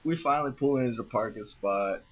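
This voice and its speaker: A man's voice: medium pitch, brisk, lo-fi sound. A man casually telling a rambling, profane story with frequent swearing. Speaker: vlogger.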